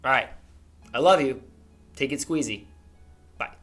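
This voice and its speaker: A man's voice: mid-range voice, a little slow, fairly bright tone. Brief: a man in a middle register, a loose and rambling tabletop game narrator. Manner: rambling, full of ums and likes. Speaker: game master.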